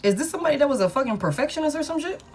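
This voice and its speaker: A woman's voice: sits high, expressive, very fast. A woman giving a live tarot reading, blunt and profane, who thinks aloud as she pulls cards and talks straight to her viewers. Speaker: tarot reader.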